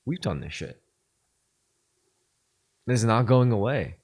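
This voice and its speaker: A man's voice: medium pitch, big pitch swings, slow, a little mellow. A man hosting a podcast, talking casually and profanely, rambling with lots of fillers. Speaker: podcast host.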